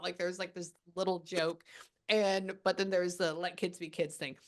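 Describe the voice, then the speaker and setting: A woman working as a psychic medium, talking casually and excitedly with many fillers, relaying what spirits say. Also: fairly low pitch, a little slow. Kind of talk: casual spirit reading session.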